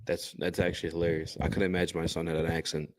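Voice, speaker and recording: A man co-hosting a casual sports chat, animated and joking, quick to tease. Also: deep voice. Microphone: remote stream setup.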